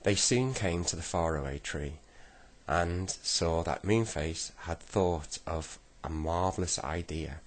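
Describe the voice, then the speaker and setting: A man reading a children's storybook aloud slowly and gently. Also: sits low. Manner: slow, gentle storybook reading with voiced characters. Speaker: reader.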